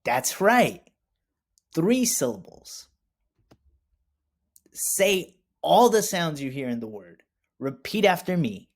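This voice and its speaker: Male teacher, measured and animated delivery, encouraging classroom tone. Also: a little high. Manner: slow, clear, encouraging teacher talk with repeat-after-me prompts. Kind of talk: classroom lesson for young students.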